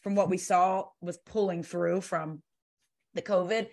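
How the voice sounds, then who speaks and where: A woman's voice: on the low side, fairly even intonation, unhurried, creaky, a little mellow. A woman, chatting casually about reality TV as a podcast co-host, sassy and blunt with her opinions. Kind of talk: casual reality-TV recap chat. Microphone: video call.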